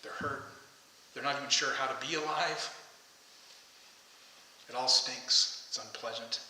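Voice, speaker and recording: Bright-voiced preaching man in an echoey church. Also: medium pitch, steady tone, measured pace, recorded from a distance, a little hiss or hum. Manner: impassioned, shouting the calls to come out. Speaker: pastor. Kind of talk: sermon. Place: church sanctuary.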